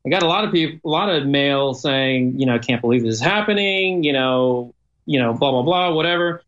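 A man's voice: mid-range voice, a bit bright. Council member guest, man, stumbles and repeats himself, audio sounds dull and lo-fi. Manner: halting, repeats words. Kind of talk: casual interview answers.

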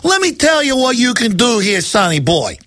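A man's voice: very high-pitched, very animated, sharp tone, no room sound, studio quality, pitched above the performer's own voice, heavily acted. Man doing a sneering gangster-style cop. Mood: taunting. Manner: sneering, slow and taunting. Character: smug gangster-style cop, pipe-smoking, menacing.

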